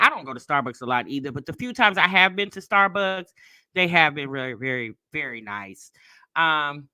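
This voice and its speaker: A middle-aged woman, chatting casually on a live stream and telling stories, animated and laughing often. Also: on the low side, no room sound. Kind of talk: casual live chat storytelling.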